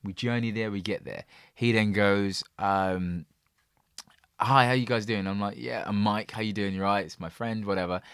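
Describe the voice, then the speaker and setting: A man co-hosting a podcast, telling stories in a lively casual way and laughing often. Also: on the low side, normal speed, smooth, no room sound, clean studio sound. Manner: animated storyteller, laughs often. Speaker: podcast co-host. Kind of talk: casual chat.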